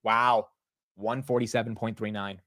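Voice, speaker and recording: A man's voice: fairly low pitch, little pitch movement, moderate pace, pushed and bright, no room sound, studio quality. A young man hosting a live market stream, chatting casually about stock prices and answering his chat with "bro" and "dude". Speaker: livestream market commentator.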